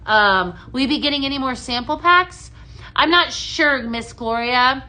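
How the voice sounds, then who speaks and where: Speaking a bit slowly in a sharp, high-sitting voice, a woman consultant runs a live sales show. She's chatty and effusive, reads comments from viewers, and keeps dropping "right?" and "just saying."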